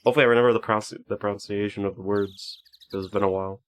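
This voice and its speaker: Lower-voiced man streaming a game casually. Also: steady tone, racing, slight background noise. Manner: rambling, self-deprecating, chuckling. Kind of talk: casual let's-play commentary.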